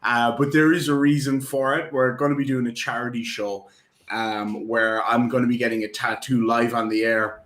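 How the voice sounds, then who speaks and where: A man's voice: medium pitch, flat delivery, normal speed, a bit bright. A man in casual live-stream chat, rambling and joking with lots of ums and uhs. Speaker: guest. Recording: roomy echo.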